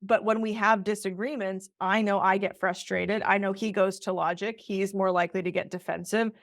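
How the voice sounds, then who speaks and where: Animated woman podcast host, dry sound. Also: medium pitch, moderate pace, no echo. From Italian heritage. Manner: animated, acts out quoted voices. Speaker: podcast co-host, relationship therapist. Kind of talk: casual explanatory conversation.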